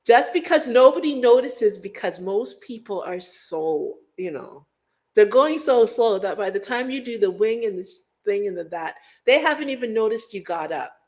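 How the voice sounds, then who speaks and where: This livestream host, a middle-aged woman from Guyana, has a mid-range, darkish voice and talks animatedly at a moderate pace. Her casual chat rambles, interrupted by hummed beats and mock voices.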